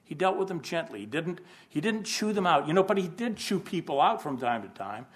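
A man's voice: a little high, very animated, brisk. A man giving an informal Bible lesson, thinking aloud, asking rhetorical questions and adding folksy humor. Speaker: Bible class teacher.

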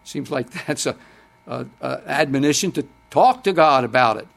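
A man's voice: medium pitch, animated, moderate pace, creaky, a bit bright. An older man preaching a sermon, speaking conversationally, quoting scripture and putting questions to the congregation.

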